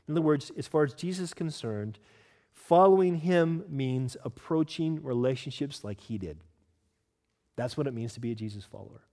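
A man preaching a sermon as pastor, earnest and teaching, asking the congregation questions and slowing down to stress scripture. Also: mid-range voice, dark tone. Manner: stresses key words, slows down for scripture.

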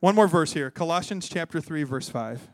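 A man, a pastor preaching a sermon with call-and-response, moving between loud exhortation and hushed tones. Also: a little high, expressive, normal speed, no room sound, studio quality. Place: church.

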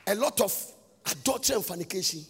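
A man's voice: high-pitched, expressive, fast talker, creaky, fairly bright tone, slight background noise. A man preaching a sermon as a pastor, in a sing-song cadence full of questions to the congregation. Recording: long hall reverb with faint music.

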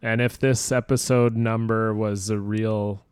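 A man co-hosting a casual sports podcast, making deadpan, sarcastic jokes on a close mic. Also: on the low side, a little slow, clean tone, no room sound. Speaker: podcast co-host.

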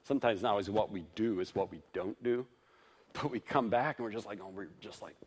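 A male pastor preaching a sermon in an informal, conversational way, with lively ups for emphasis, soft asides and frequent chuckles. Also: fairly low pitch, moderate pace, pauses often, a little hiss or hum.

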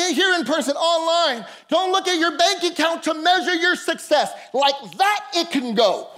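A male preacher with a strikingly high voice delivers a fired-up sermon to his congregation. He builds up to loud, ringing shouts and keeps calling on the listeners to answer back. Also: lively intonation, moderate pace, hardly any pauses, some chatter behind. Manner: impassioned preaching, bursts of shouting, calls to the congregation. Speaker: pastor. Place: church service with a congregation.

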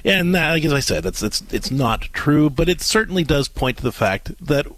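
A man's voice: on the high side, sing-song, moderate pace, a bit bright, dry recording. A man hosting a call-in radio advice show, speaking conversationally and sometimes searching for words. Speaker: radio host.

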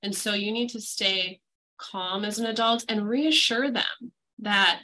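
A school mental health guest on a podcast interview gives practical advice in an earnest, reassuring way. Her mid-range voice is pushed and bright, a little slow, and the recording is low quality.

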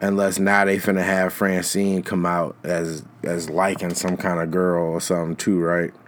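A man's voice: low-pitched, flat delivery, normal speed, a little hiss or hum. A young man chatting casually in a rambling, slangy way, trailing off and restarting his thoughts. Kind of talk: casual chat.

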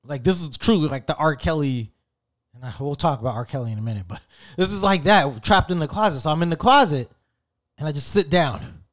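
A man in his thirties casually telling a story in an animated, slangy way, with frequent swearing. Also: on the high side, fairly quick. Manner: animated, profane, slangy and conversational.

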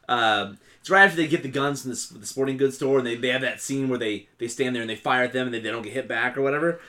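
A man chatting casually about horror films on a podcast, lively and laughing, with many fillers. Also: mid-range voice, fast talker. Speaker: podcast co-host.

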